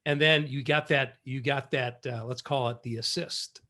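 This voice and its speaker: A man hosting a podcast, speaking in a measured, thoughtful way and choosing his words carefully. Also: mid-range voice, steady tone, bright, forceful tone. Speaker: podcast host. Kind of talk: interview conversation.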